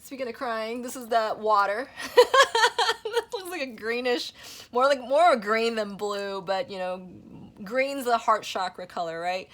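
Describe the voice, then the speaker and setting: A woman's voice: on the high side, lively intonation, a little slow, a bit bright. A young adult woman giving a spiritual tarot reading to camera, gushing over the cards and checking in with "okay?" and "you know" as she goes. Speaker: tarot reader.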